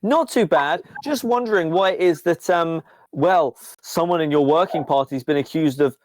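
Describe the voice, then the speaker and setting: A nosy centipede robot computer, as a man puts it on, pitched up above his usual voice and full of insinuating questions. It pries and accuses in a dry, close-up recording. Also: normal speed, a little mellow, no echo, close to an everyday voice. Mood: suspicious.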